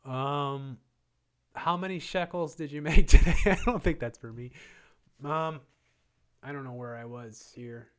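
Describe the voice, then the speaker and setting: A man's voice: mid-range voice, a little slow, smooth. A man hosting a live question-and-answer stream, rambling through conspiratorial takes and chuckling often. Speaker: livestream host. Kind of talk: live Q&A monologue.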